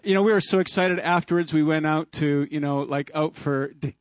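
A man in his fifties, a preacher telling a personal story in a sermon, animated and often chuckling. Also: fairly high pitch, fairly quick, no room sound. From Canada. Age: 50s.

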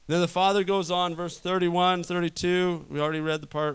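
Man, pastor, sermon, high-pitched, resonant, shifts loud to soft. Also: little pitch movement, fairly quick, hardly any pauses, clean tone. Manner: preaching with wide swings from loud to soft.

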